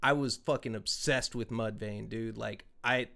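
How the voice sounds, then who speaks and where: Profane animated storytelling man. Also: fairly low pitch, measured pace, gravelly. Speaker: podcast host. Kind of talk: casual chat, storytelling.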